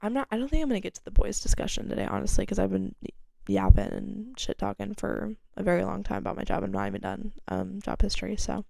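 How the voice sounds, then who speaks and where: A young woman spinning a casual story for her podcast, with a gravelly fry running through a dark, relaxed tone. She talks candidly, swears freely and leans hard on "like", and her voice leaps up when she quotes someone. The sound is close and dry, with no room around it. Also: quick pace, few pauses, no echo. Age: young adult. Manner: chatty and candid, swears freely, heavy use of "like"; animated when quoting others, with sharp jumps in pitch and loudness. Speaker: podcast host.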